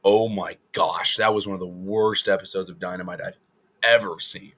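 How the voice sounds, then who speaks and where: A man's voice: low-pitched, level tone, a little fast, a bit bright. A man giving casual opinion commentary to the camera, rambling and correcting himself as he goes. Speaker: wrestling video creator.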